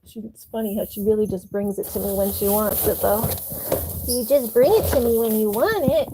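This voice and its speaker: A woman's voice: medium pitch, moderate pace. Chatty young woman with noisy stream audio. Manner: chatty, coos to her pets. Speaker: livestreamer. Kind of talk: casual live stream chat.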